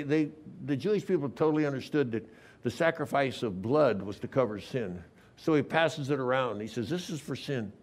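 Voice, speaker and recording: A man as a pastor preaching a sermon, telling the story with sudden swings between loud passages and hushed ones. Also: medium pitch.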